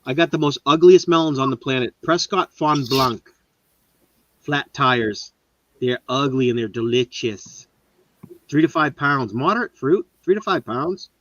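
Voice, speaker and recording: A man's voice: medium pitch, animated, unhurried, fairly bright tone, no room sound. A man hosting a casual live-stream chat, talking in an enthusiastic, rambling show-and-tell way. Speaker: host. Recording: dull lo-fi sound.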